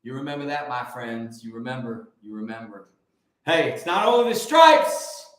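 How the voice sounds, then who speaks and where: A man giving a rousing, preachy monologue, shifting between shouts and low mutters and breaking into song. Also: very animated, normal speed. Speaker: host. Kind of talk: fiery motivational monologue. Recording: very echoey room.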